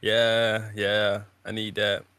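A man co-hosting a podcast, trading relaxed, upbeat banter and short reactions in casual chat. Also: lowish voice, takes it slowly, clear, resonant tone, dry recording. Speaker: podcast co-host.

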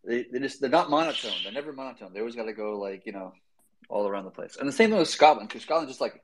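A man's voice: medium pitch, expressive, rapid-fire, a crowd in the background, low-quality recording. A man with an American accent chatting casually as a guest, rambling and laughing at himself. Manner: rambling, laughing, self-deprecating. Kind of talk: casual chat on a live audio space.

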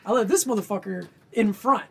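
A man's voice: high voice, brisk, creaky, fairly bright tone, slight background noise. A man co-hosting a podcast, telling loose, swearing stories in casual chat. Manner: rambling, swearing storyteller. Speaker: podcast co-host.

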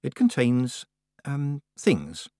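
A man's voice: mid-range voice, wildly swooping pitch, very slow, darkish tone, no room sound, studio quality, pitched above the performer's own voice, heavily acted. A man voicing a sensible, earnest young witch girl who speaks patiently.

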